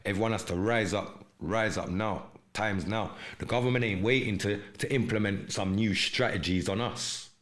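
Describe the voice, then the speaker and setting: A man hosting a live stream podcast, delivering an urgent, preachy monologue in street slang and shouting out viewers in the chat. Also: fairly low pitch, fairly even intonation, normal speed, hardly any pauses. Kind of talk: impassioned livestream monologue with chat shout-outs.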